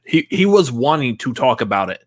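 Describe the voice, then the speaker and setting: A man's voice: mid-range voice, sing-song, brisk, dry recording. Rambling man in a dry room. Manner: rambling theorizing with restarts and laughs. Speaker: co-host. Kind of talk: casual review chat.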